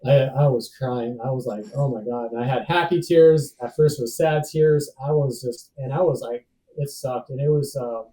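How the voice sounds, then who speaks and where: A man's voice: mid-range voice, normal speed, mellow, distant mic, poor audio. A man in his thirties, a podcast guest, telling a personal story in a laid-back, slangy way full of dude and bro. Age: 30s. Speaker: podcast guest, safety professional.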